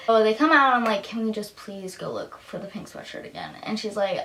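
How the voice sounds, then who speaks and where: A teenage vlogger tells a casual storytime to camera in an animated, fairly bright mid-range voice. She talks briskly with few pauses, says "like" constantly, and acts out what people said.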